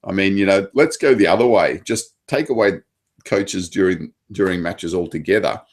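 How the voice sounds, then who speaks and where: A man with an Australian accent and a very deep voice talks casually as a table tennis coach. He hesitates often, restarting his sentences and filling pauses. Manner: hesitant, many fillers and restarts. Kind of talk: casual chat.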